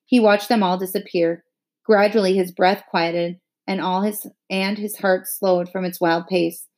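Lady reading a kids novel out loud, expressive, middle pitch, gets intense. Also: a little slow. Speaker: narrator.

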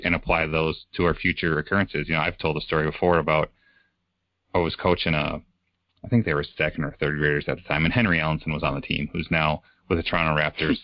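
A man hosting a podcast about coaching, speaking in a measured, reflective way. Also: extremely low pitch, no room sound, lo-fi sound. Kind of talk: casual podcast conversation.

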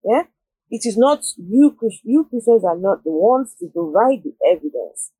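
Insistent chatty woman, mellow husky tone, close and dry. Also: medium pitch, very animated, moderate pace, dry recording, rough recording. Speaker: participant. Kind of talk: casual group discussion. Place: online audio room.

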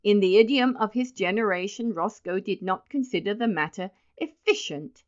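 Casting: woman audiobook narrator, measured storybook reading, mid-pitched voice, slightly muffled recording. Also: expressive.

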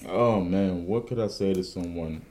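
A man's voice: low-pitched, normal speed, darkish tone. A man hosting a casual podcast chat, laid-back, swearing freely and laughing easily. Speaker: podcast host.

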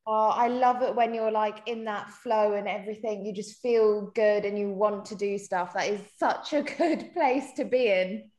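A woman's voice: mid-range voice, fairly even intonation, normal speed, hardly any pauses, a little mellow, roomy sound. A woman from South Africa co-hosting a podcast in a chatty, casual way, often laughing and acting out quotes. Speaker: podcast co-host. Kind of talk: casual chat.

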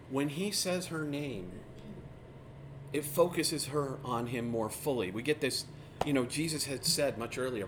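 A man teaching through a Bible passage in a relaxed, conversational way, retelling the scenes with lively asides. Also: medium pitch, background noise. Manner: casual, animated retelling of scripture scenes.

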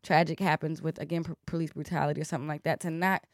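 Expressive slangy woman chatting. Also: deep voice, racing, no echo, clean studio sound. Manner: expressive, slangy, swings between loud and soft. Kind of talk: casual conversation.

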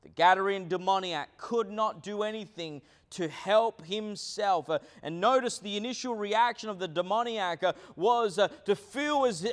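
High-voiced man preaching a sermon. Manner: preaching with many fillers and dramatic pauses; swings between hushed low lines and loud high acted quotes. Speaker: pastor.

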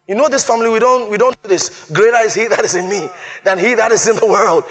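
A man's voice: sits high, fast, a bit bright. A man preaching a sermon, quoting scripture and repeating key phrases for emphasis.

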